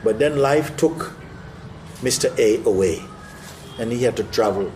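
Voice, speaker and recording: A man who is a spiritual teacher telling a parable during a talk, vivid and animated, acting out the scenes as he goes. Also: medium pitch, unhurried, a little hiss or hum.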